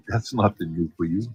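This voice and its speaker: A man's voice: low-pitched, darkish tone, breathy edge, no room sound, dull audio. A man on a livestream panel, chatting casually in a jokey way and laughing often.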